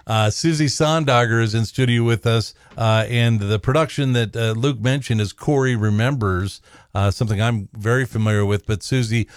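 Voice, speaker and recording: A man's voice: medium pitch, smooth, no echo. A man hosting a live radio show from a studio, talking loosely with lots of uhs. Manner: loose, filler-heavy talk with many uhs. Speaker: radio host.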